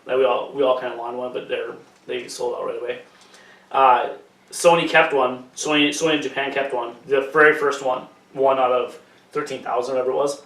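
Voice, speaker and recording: A man's voice: medium pitch, steady tone, a little fast, a bit bright. A man co-hosting a podcast in a casual, rambling, jokey way, swearing freely. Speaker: podcast co-host. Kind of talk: casual chat. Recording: echoey room, distant mic.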